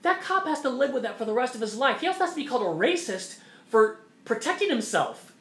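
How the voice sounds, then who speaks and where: A man's voice: very high voice, big pitch swings, fast, a bit bright. Emphatic man in an echoey room. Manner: emphatic, repetitive, mocking quoted voices. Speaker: host. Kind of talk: opinion monologue.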